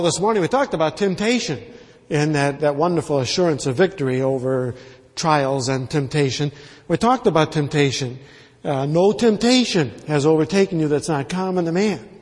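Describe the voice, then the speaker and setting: A man preaching a sermon as pastor, emphatic and repetitive, pausing with many fillers. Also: a little high, darkish tone, slightly rough. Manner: emphatic, repeats words for stress, many uh fillers. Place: church sanctuary. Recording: long hall reverb.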